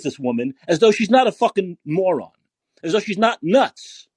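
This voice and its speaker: A man's voice: high-pitched, sing-song, normal speed, a little mellow, breathy edge, dry recording. A man hosting a podcast, delivering a profane, sarcastic political rant. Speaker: podcast host. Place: San Francisco.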